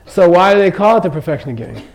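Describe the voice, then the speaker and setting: An older man with a voice a little high for a man gives an informal Buddhist teaching, racing along expressively and joking as he wanders into asides. He keeps asking the room "okay?" in a chatty, conversational rather than preachy way. The rough recording has some hiss or hum.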